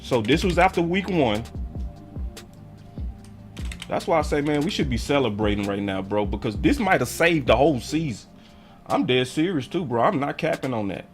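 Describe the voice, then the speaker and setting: A man's voice: mid-range voice, animated, normal speed, long pauses, soft background music. Slangy man ranting as a sports host. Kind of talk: casual fan commentary livestream.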